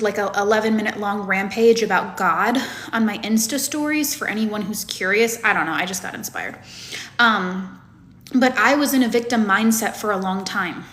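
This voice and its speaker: A woman's voice: medium pitch, a bit bright, reverberant. A woman coach giving a lecture to her students, blunt and emphatic, with plenty of swearing. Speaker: manifestation coach.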